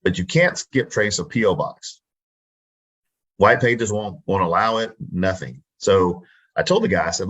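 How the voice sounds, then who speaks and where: Deep husky Texan man talking shop. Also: expressive, unhurried, fairly bright tone, dull audio. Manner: confident, chatty, acts out phone scripts. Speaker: guest, real estate wholesaler. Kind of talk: casual interview talk.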